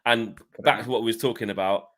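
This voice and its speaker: A man's voice: lowish voice, fairly even intonation, fairly quick, a bit bright. A man co-hosting a casual football podcast, emphatic and slangy, often repeating himself. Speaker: co-host.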